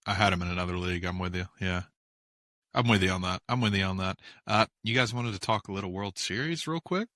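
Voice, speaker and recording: A man's voice: low voice, quick pace, bright, forceful tone, no room sound. A man hosting a sports podcast, teasing his co-hosts and steering the topics. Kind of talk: casual sports chat.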